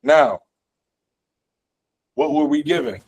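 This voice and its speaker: A physics instructor with a slightly high, somewhat mellow, breathy voice speaks slowly and expressively during a college lecture held in class and streamed online. He's casual, uses many fillers, and quizzes students as he goes. The audio is poor.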